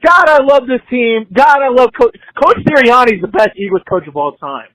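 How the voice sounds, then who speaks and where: A man calling into a sports show, ranting furiously and shouting with profanity. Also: very high-pitched, expressive, a little fast, poor audio. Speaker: caller. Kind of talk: angry sports call-in rant.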